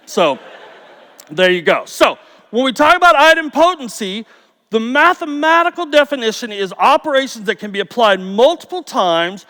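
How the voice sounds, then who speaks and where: A middle-aged man giving a conference talk, telling stories with jokes in an animated, playful way. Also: high voice. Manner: storytelling, jokey, animated. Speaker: conference speaker. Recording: reverberant hall.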